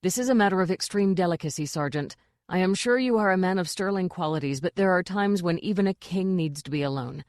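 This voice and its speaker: A woman voicing a gentle, polite male king who was once a jester. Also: lowish voice, brisk, no echo, studio quality, lightly acted. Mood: fretful. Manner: soft, polite, fretful.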